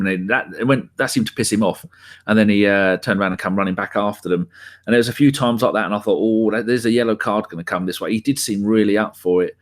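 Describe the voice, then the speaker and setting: Low-voiced man rambling about football. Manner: rambling, full of restarts and fillers. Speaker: podcast co-host. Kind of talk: casual football chat.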